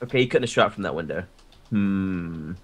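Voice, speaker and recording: A man's voice: deep voice, expressive, moderate pace, fairly bright tone. A man chatting casually with friends during a game, laughing often and swearing. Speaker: gamer playing with friends. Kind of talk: casual voice chat during gameplay. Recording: noisy mic with clicks.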